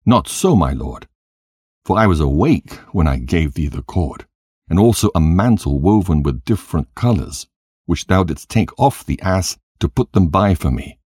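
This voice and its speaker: A man's voice: sits low, expressive, moderate pace, a little mellow, slightly rough, no echo, clean studio sound. A man voicing a cheated traveller who pleads and protests. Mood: pleading. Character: cheated male traveller, aggrieved.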